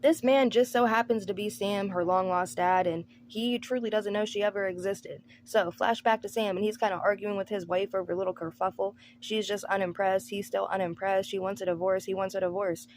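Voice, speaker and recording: A woman's voice: mid-range voice, fairly even intonation, fairly quick, hardly any pauses, slight background noise. Sarcastic woman recapping a bad movie. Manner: sarcastic, breezy, acts out characters' lines. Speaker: movie review channel host. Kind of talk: casual movie recap commentary.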